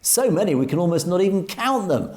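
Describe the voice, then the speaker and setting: Emphatic English man, mellow voice. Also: high voice, sing-song, fairly quick. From Europe. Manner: emphatic, reads viewer comments aloud, many restarts. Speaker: co-host. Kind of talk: opinionated commentary discussion.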